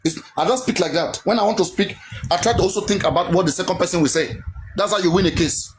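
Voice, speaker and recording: A man's voice: sits high, fast, a little hiss or hum, low-quality recording. A man arguing in a heated online debate. He keeps insisting, repeats himself and demands to be heard. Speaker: debate participant.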